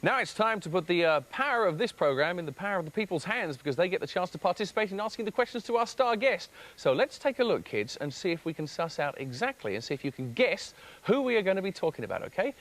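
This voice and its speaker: Lively high-voiced kids' TV host. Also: male voice, quick pace, few pauses. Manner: bouncy, enthusiastic, upbeat. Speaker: children's TV presenter. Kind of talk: live studio presenting. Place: TV studio with kids audience. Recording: studio with clear background noise.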